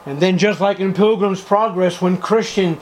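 Fervent older male preacher, high voice. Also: moderate pace, slight background noise, low-quality recording. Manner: fervent, swinging between loud outbursts and hushed passages. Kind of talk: sermon. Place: church service.

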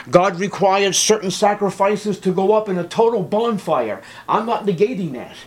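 A man preaching a sermon, reading scripture in old-fashioned wording and pleading with his listeners, his voice dropping to a hush and then rising to ringing emphasis. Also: sits high, lively intonation, unhurried, few pauses, slight background noise. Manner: swings from hushed to ringing emphasis; pleading, urgent appeals to listeners.

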